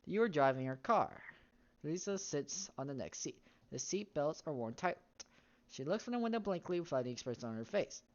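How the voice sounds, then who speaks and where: Low-voiced woman reading a story game aloud. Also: big pitch swings, normal speed, highs cut off. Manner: reads text aloud, breaks off into wry comments and laughs. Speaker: game streamer.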